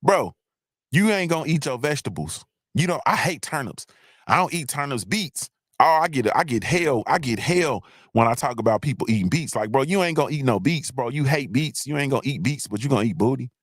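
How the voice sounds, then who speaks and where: Animated man ranting on a live show. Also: mid-range voice, brisk, no echo, clean studio sound. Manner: animated, repetitive, profane. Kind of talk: casual comedic rant.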